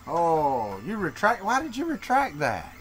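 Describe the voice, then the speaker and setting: A man with a Southern American drawl hosts a casual live stream, joking with viewers as he answers their messages. His voice sits a touch higher than most men's. A faint hiss of background noise runs under the talk. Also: huge pitch swings, unhurried. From Florida, Deep South. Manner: joking, chatty, reads and answers chat. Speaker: streamer host.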